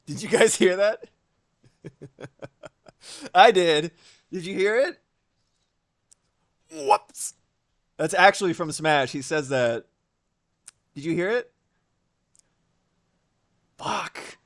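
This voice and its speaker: A high-pitched man talks casually while he draws on a live stream. He's animated, swears freely, and keeps dropping quick asides.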